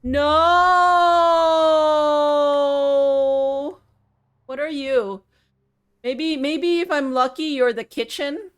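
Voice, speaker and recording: Woman streamer, high voice, slow delivery, melodramatic chatter with viewers over gameplay. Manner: melodramatic, talks to chat as friends. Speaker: game streamer. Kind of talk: live-streamed gameplay commentary.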